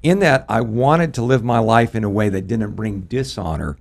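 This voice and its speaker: Low-voiced folksy man pastor. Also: moderate pace, gravelly. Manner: folksy, anecdotal, quotes scripture. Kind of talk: radio ministry discussion.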